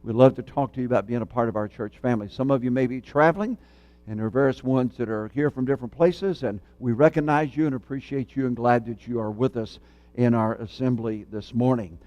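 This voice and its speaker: A man preaching a sermon in church, telling a folksy story and then speaking in a measured, earnest way. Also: medium pitch, dark tone, no room sound, dull audio. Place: church sanctuary.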